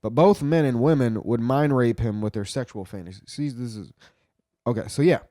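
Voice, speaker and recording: A man's voice: medium pitch, moderate pace, warm tone. A man with a mid-range voice talks through a story in loose, casual commentary. He swears constantly and trips over himself with restarts. The sound is dry and close, with no room echo. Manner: profane, rambling, with frequent restarts.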